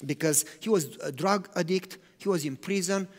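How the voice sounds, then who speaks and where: A man preaching a sermon, animated, swinging between loud emphatic lines and hushed, quiet ones. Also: high-pitched, moderate pace. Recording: long hall reverb.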